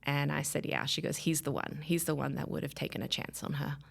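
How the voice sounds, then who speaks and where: A woman in her thirties shares a personal testimony in a low voice with a gravelly edge. She tells it with animation and slips into the voices of the people in her story. Her delivery is emotional and heartfelt. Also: level tone, fairly quick. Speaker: guest sharing her story.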